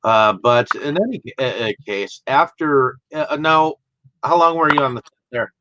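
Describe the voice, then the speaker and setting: A man hosting an interview, asking questions haltingly with many fillers and laughing along with his guest. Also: medium pitch, pushed and bright, a little hiss or hum. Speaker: interview host. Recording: dull dry audio.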